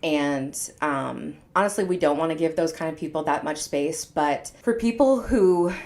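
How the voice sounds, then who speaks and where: A woman hosting a commentary video, speaking in a measured, pointed way. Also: deep voice, darkish tone. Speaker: host. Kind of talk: casual commentary.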